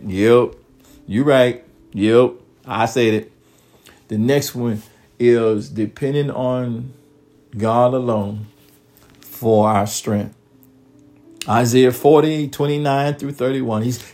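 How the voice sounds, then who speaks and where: A male preacher giving a sermon, reading scripture verses slowly and breaking in with exclamations and calls to his listeners. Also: medium pitch, a little mellow.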